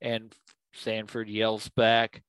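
A man co-hosting a podcast, chatting in a relaxed way and recounting anecdotes. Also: on the low side, very slow, smooth, dry recording. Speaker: podcast co-host. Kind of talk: casual chat.

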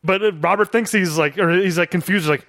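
A young man with a fairly high voice talks through a movie in relaxed, chatty podcast fashion. He slips into character voices to act out lines. The sound is close and dry, with no room around it. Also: brisk, dry recording. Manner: animated, acts out movie quotes in character voices. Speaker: podcast co-host. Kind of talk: casual film discussion.

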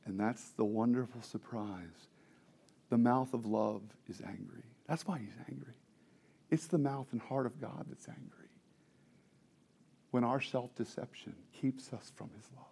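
A man preaching a sermon as pastor, moving between soft, confiding asides and loud, fervent preaching, often asking the congregation questions. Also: medium pitch, measured pace, gravelly, long pauses, slightly rough. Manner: swings from quiet, intimate asides to loud, impassioned preaching.

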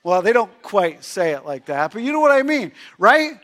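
A pastor preaching a sermon, swinging between loud emphatic lines and hushed near-whispers. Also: male voice, high-pitched, big pitch swings, normal speed.

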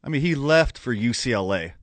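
An easygoing man co-hosting a studio talk show, chatting in a wry, relaxed way. His pitch sits in the middle but moves a lot. The recording is close and dry. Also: a little fast, no room sound. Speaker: co-host. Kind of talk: casual radio show banter. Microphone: studio mic.

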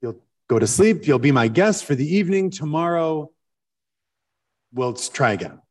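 A man's voice: a little high, sing-song, moderate pace, darkish tone, far from the mic, voice pushed down. A man doing a gracious, patient nobleman. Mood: soothing. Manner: soothing, hospitable.

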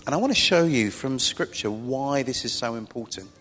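A middle-aged male pastor preaching in a church, chatty and self-deprecating, with asides to his congregation. His voice is slightly husky and sits at an ordinary middle pitch. A long hall reverb trails behind every phrase. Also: animated, moderate pace, fairly bright tone. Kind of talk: sermon.

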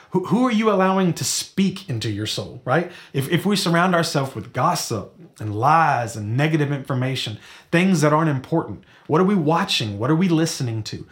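A man in his thirties preaching a sermon in a conversational way, asking the audience questions and slowing down to stress key phrases. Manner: conversational, rhetorical questions, drops to a low slow emphasis on key phrases. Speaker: pastor.

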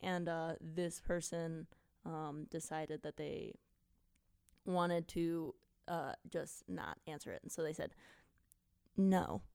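A woman's voice: deep voice, slow pace, vocal fry, a little mellow, clean tone, dry recording, clean studio sound. A young woman from Wisconsin, co-hosting a podcast in a chatty, giggly, self-mocking way. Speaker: podcast co-host. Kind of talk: casual chat.

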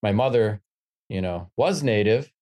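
A man's voice: fairly low pitch, animated, a little slow, mellow. A middle-aged man, a professor and author, answering an interview question with reflective, wry storytelling.

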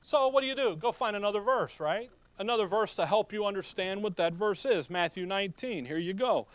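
Folksy preacher man, fairly high voice. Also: fairly quick, no room sound. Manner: folksy, joking asides, rhetorical questions. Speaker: pastor. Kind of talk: sermon.

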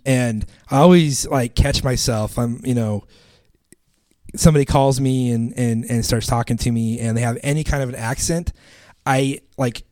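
Here a man co-hosts a podcast, chatting casually, rambling with lots of fillers and laughing often. His voice is medium in pitch, a touch mellow, at a normal speed. The sound is clean studio quality with no echo.

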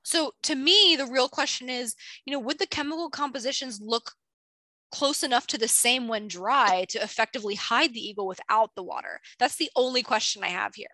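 A woman's voice: fairly high pitch, fairly quick, pushed and bright, no echo. A woman co-hosting a podcast, chatting casually and animatedly about science, with lots of filler words. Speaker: podcast co-host.

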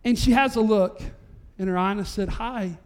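A pastor with a very high-pitched male voice preaches a sermon in a church, telling a story with lively energy and building to loud, emphatic peaks. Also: moderate pace, clear, resonant tone. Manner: storytelling, animated, voice rising to near-shouts at climaxes. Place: church sanctuary.

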